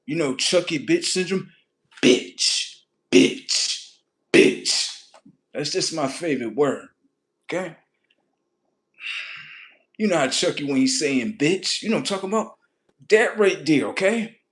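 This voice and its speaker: Man, livestream host, crude comic storyteller, higher voice, very animated. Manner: animated, rambling, crude, fast-talking. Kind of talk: profane comedic storytelling.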